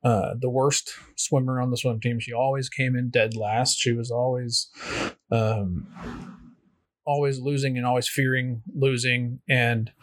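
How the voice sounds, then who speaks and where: Man, motivational storytelling, halting, many fillers, mid pitch, dry close sound. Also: level tone, no echo.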